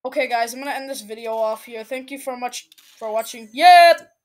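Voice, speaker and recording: A woman commenting on her own gameplay in a silly, excitable way that breaks into shrieks and shouts. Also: a little high, fairly quick. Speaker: gaming video creator. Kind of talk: let's play gameplay commentary.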